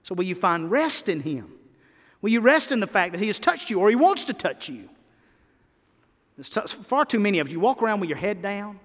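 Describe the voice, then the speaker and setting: A man preaching a sermon as a pastor, swinging between loud emphasis and quick quiet stretches. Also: sits high, sing-song. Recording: long hall reverb.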